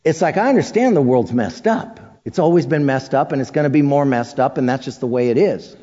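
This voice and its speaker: A man's voice: medium pitch, expressive, a little fast, mellow. A man preaching a sermon, telling stories about his past with self-deprecating humor. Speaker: pastor. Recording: dull sound with long reverb.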